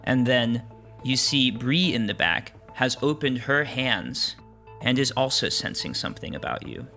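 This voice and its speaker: A man narrating a tabletop game as game master, describing the scene in an unhurried storytelling manner. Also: medium pitch, lively intonation, sharp tone, faint music behind.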